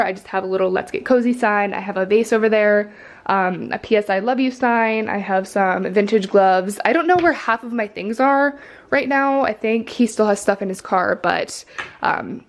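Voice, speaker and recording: A young woman talks through a casual home tour in an upbeat, chatty way, full of "um" and "like." Her voice sits in a middle pitch, and she holds the camera herself as she moves from room to room indoors. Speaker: vlogger. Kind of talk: casual apartment tour vlog.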